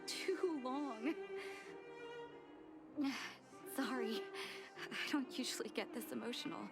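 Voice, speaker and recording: An actress voicing an earnest, caring young woman doctor in a video game, speaking softly and sincerely. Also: high-pitched, slow. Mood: emotional. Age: young adult. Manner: soft, sincere, emotional. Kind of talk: game voice acting. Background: game music.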